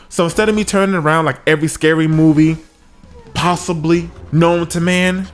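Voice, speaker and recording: Animated man telling a comic story. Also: brisk. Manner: animated, sudden high-pitched exclamations. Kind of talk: comedic story time. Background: faint music.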